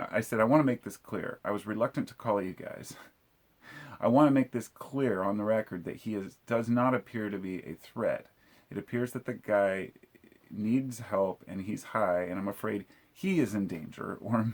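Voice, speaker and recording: Middle-aged guy with a low husky voice, swearing a lot while he tells a story, blunt and casual. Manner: blunt and profane, quick to shout the quoted lines. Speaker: vlogger telling a true story.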